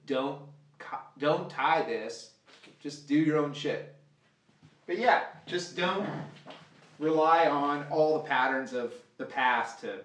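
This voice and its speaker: A man giving a casual, profane live fly-tying demo, rambling and joking as he works. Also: medium pitch. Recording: roomy sound, mic at a distance.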